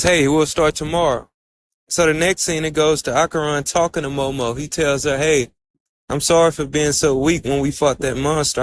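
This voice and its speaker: A man's voice: a little high, a bit bright, slight background noise. A man casually recapping an anime episode, retelling each scene with a running "and so" and "she says.".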